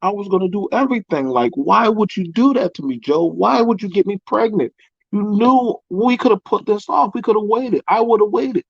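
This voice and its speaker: A man voicing an upset young woman pleading with her boyfriend, his pitch pushed up high. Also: lively intonation, normal speed, creaky, slightly rough, no echo, muffled recording, exaggerated voice. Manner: pleading, rising and insistent.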